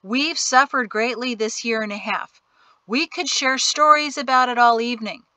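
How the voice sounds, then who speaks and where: A woman plays a smug, greedy rich man in an audiobook, his tone syrupy and condescending. The voice is bright and a little high, recorded close and dry. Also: moderate pace, dry recording. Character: greedy wealthy man, sickly sweet and smug.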